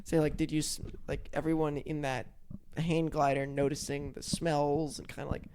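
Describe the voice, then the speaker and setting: A man's voice: a little high, flat delivery, moderate pace, background noise. A young man co-hosting a podcast, chatting casually and rambling with many restarts. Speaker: podcast co-host. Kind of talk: casual chat.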